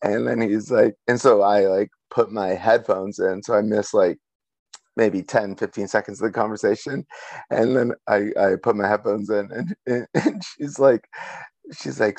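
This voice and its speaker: A man's voice: lowish voice, moderate pace, a little mellow, no echo. Laughing young man telling a story. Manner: laughs through a storytelling rant. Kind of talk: casual chat.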